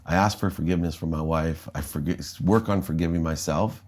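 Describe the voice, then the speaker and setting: An American man, a guest in an interview, telling an animated story about his life and acting out the dialogue. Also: rumbling low, a little fast. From United States.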